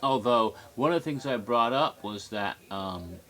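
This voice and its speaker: A tipsy man talks into his webcam in a loose, rambling monologue. He is giggly and keeps wandering off topic. His voice sits at an ordinary middle pitch. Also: lively intonation, measured pace, fairly bright tone. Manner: rambling, giggly, easily sidetracked. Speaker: vlogger. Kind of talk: rambling casual monologue to camera.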